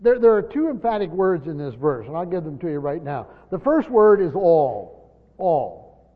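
A man with a fairly high voice teaches scripture to a gathered class, hitting key words hard and then falling quiet. The sound carries a long hall reverb and a dull, lo-fi tone. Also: sing-song, moderate pace. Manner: emphatic, swinging between loud stresses and quiet asides. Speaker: pastor teaching a Bible study. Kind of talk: expository Bible teaching.

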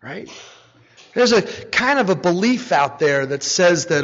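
Slow, high-voiced man preaching in a hall. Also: lively intonation, fairly bright tone. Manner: asks the congregation "right?" again and again, with a light chuckle. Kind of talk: conversational sermon. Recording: dull, reverberant recording in a big hall.

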